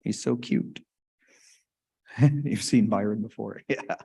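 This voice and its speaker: A man's voice: fairly low pitch, takes it slowly, gravelly, mellow, breathy edge. A man giving a conversational clinical lecture at a conference, often checking in with the audience. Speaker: conference lecturer on stroke speech therapy.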